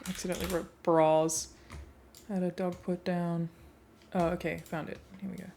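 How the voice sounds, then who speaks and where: A woman's voice: lowish voice, little pitch movement, moderate pace, dark tone, a little hiss or hum. A woman streamer reacting live on her stream, blunt and emotional, swearing freely.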